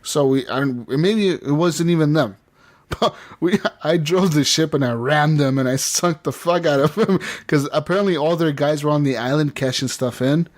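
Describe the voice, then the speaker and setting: A man's voice: fairly high pitch, moderate pace. A man co-hosting a gaming podcast in casual chat, telling rambling stories with lots of swearing and laughter. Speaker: podcast co-host.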